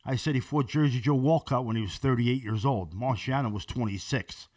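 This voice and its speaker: A man's voice: medium pitch, a little fast, darkish tone, no room sound, clean studio sound. A man who is a podcast guest, telling stories in casual chat in a blunt, profane way.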